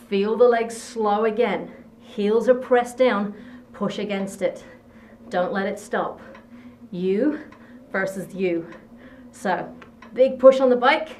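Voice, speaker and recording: A woman's voice: mid-range voice, darkish tone, a little hiss or hum. A woman leading a workout as fitness instructor, giving short encouraging coaching cues.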